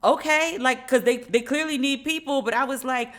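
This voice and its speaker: A woman in her forties hosts a podcast and tells a story in a loose, profane way. Her voice sits somewhat high, and she jumps into shrieking reenactments as she talks. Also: a little fast. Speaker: podcast host. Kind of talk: casual monologue.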